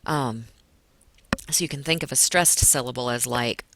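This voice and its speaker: Giving her class pre-reading notes on poetry, a woman teacher explains patiently, using many fillers and stretching words to stress them. Her voice is a rumbling low, her pace moderate, with background noise present.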